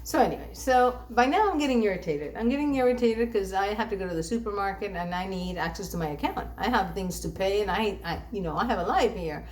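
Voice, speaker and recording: A woman at a middling pitch rants about an endless run of call transfers. Her storytelling is irritated and exasperated, and she acts out the agents' lines as she goes. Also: lively intonation, quick pace, hardly any pauses. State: sleep-deprived. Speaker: dissatisfied bank customer. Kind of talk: ranting vlog monologue.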